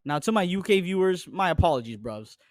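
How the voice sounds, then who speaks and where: Fast-talking crude comedy narrator, man. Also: high-pitched, very noisy. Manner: crude, jokey, deadpan asides.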